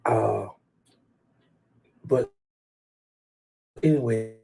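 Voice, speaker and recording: Guy on a live stream talking trash at the other team's fans, gravelly husky voice, keeps shouting out folks in chat. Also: mid-range voice, moderate pace, long pauses. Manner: teasing, rambling, trash-talking, shouts out viewers. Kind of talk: casual live-stream rant.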